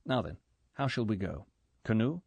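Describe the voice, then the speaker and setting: A male narrator voicing a cool, decisive British agent who plans in brisk, clipped sentences. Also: on the low side, expressive, creaky, a little mellow, slightly rough, no room sound, dull audio, full character voice.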